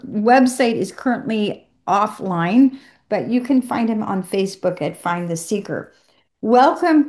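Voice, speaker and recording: A woman hosting a health radio show, giving a brisk, upbeat introduction and then interviewing a guest. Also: mid-range voice, darkish tone.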